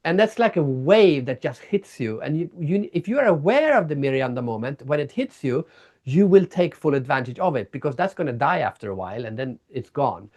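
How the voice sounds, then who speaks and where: A man guest in a casual interview, telling stories in an animated way and acting out people's reactions. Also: a little high, brisk. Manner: animated storyteller, acts out reactions. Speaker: guest, keynote speaker and author.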